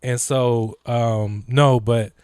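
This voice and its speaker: A man's voice: mid-range voice, fairly even intonation, drawn-out words, a little mellow, clear, resonant tone, dry recording, studio quality. A man hosting a live stream, telling stories animatedly with lots of fillers and impressions. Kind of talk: casual chat.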